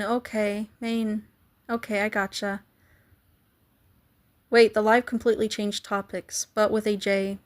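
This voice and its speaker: A woman's voice: mid-range voice, level tone, measured pace, long pauses. A woman live streaming, chatting casually with viewers and playfully trying to pronounce foreign greetings.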